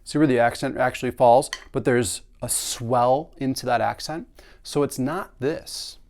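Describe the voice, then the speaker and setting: A man teaching snare drum phrasing in a relaxed, conversational way, singing drum patterns aloud as he explains. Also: mid-range voice, unhurried, over loud music. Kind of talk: casual instructional explanation.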